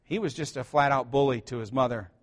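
A middle-aged man preaching a sermon as pastor, joking and shifting between loud emphasis and quiet asides. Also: medium pitch, quick pace.

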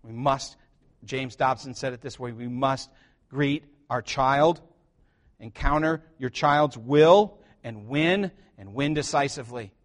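A middle-aged man preaching a sermon as pastor, joking and shifting between loud emphasis and quiet asides. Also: mid-range voice, slow.

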